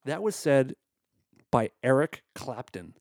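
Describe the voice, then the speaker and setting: A man hosts a comedy podcast in a loose, rambling monologue, sounding fed up and sarcastic and swearing freely. His voice sits at an ordinary middle pitch, and the sound is close and dry with no room echo. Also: sing-song, takes it slowly, a little mellow. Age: adult, married. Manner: exasperated, profane and sarcastic.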